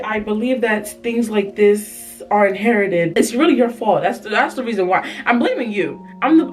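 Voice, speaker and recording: Young woman doing confession reactions, sassy and blunt, lots of slang, mid pitch. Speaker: vlogger reading and answering viewer confessions. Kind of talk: casual commentary on confessions.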